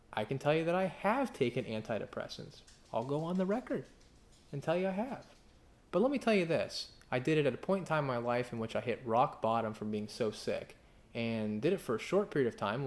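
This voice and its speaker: A man in his thirties delivers a sermon in a loose, conversational way. He keeps firing rhetorical questions at his listeners and often stops to restart or repeat himself. His voice sits at an ordinary middle pitch. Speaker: pastor.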